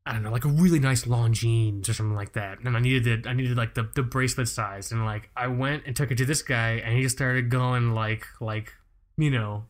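A man's voice: mid-range voice, steady tone, fairly quick. A young adult man hosting a podcast, chatting casually and telling a story full of restarts. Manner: rambling, storytelling with many restarts. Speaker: podcast host. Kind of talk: casual chat.

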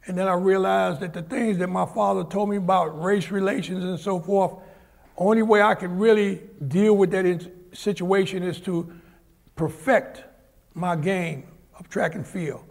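An older man with a high, gravelly voice shares vivid anecdotes onstage as a guest in a large auditorium during a live event. He's a former Olympic sprinter from Harlem, New York, and he acts out the characters in his stories.

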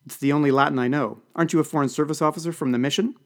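A man's voice: a little high, steady tone, rapid-fire, pitched above the performer's own voice, lightly acted. A man voicing a curt, distracted male government aide from a prime minister's office. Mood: offhand.

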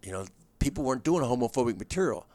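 Animated middle-aged man telling stories. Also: mid-range voice, no room sound. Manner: animated storyteller, quick bursts with restarts. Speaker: comedian and comedy writer guest. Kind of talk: casual storytelling chat.

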